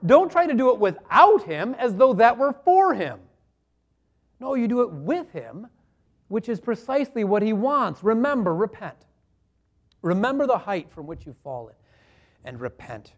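High-voiced man preaching a sermon. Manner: earnest and conversational, with rhetorical questions. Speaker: pastor.

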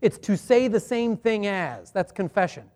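A man preaching from the pulpit in a noticeably high voice. He talks earnestly and conversationally, leaning on rhetorical questions as he makes his points. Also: lively intonation, unhurried, a little mellow. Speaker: pastor. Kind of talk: sermon.

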